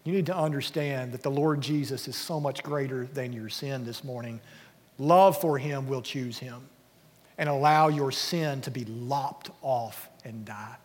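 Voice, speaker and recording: A man preaching a sermon as pastor, earnest and sometimes dropping to a hush. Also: mid-range voice, measured pace. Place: church sanctuary. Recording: long church-hall reverb.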